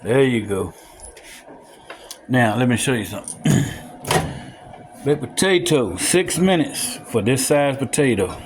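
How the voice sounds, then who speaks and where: A man, casually narrating a home cooking video and chatting straight to viewers with excited whoops. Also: medium pitch, slow, pauses often, slight background noise. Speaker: home cook showing a recipe. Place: home kitchen.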